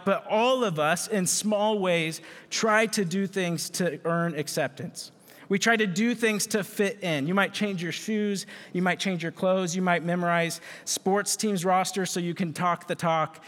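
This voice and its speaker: A man giving an animated, self-mocking talk with stories to a crowd, on a handheld microphone in a large hall. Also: high voice. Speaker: youth speaker. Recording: echoey hall.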